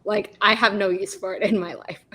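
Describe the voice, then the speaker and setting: A woman's voice: medium pitch, fairly even intonation, brisk, bright, forceful tone, slight background noise. A woman co-hosting a casual livestream chat over a video call, friendly and rambling as she tells stories. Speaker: co-host.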